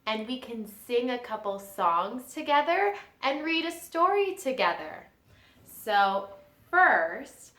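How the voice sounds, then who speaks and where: Slow, bright-voiced woman teacher. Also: on the high side, echoey room. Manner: slow, gentle and animated, making animal noises. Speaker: preschool teacher. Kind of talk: reading a storybook and singing to children.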